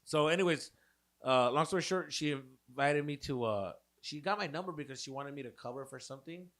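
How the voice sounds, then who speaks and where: A man's voice: a little high, fairly quick, a bit bright. A young man co-hosting a podcast, telling a long profane story in casual chat and mixing in Spanish slang. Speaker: podcast co-host.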